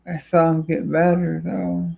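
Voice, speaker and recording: A young adult livestreamer answers chat with a lazy drawl and a gravelly, fry-heavy voice. His delivery is flat and monotone, tired and low-energy, broken by halting "like" and "uh" fillers, and the recording is rough.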